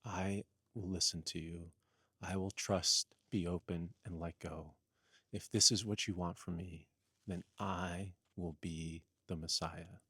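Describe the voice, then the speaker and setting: A man's voice: sits low, steady tone, unhurried, sharp tone, breathy edge, no echo, pitched below the performer's own voice, heavily acted. A man voicing an anguished young man who pleads and refuses a divine calling, repeating himself. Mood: weary surrender.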